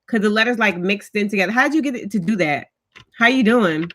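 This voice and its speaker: A woman's voice: mid-range voice, lively intonation, fairly quick, fairly bright tone. A woman, telling stories as she chats casually with viewers on a home live stream. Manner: chatty storytelling, greets commenters by name. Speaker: vlogger doing a live stream. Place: at home, indoors.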